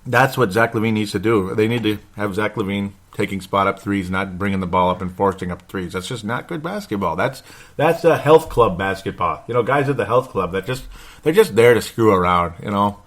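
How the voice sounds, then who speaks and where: A man with a lowish voice and a brisk delivery hosts a casual sports commentary podcast. He rambles and speaks bluntly, swearing mildly and chuckling often.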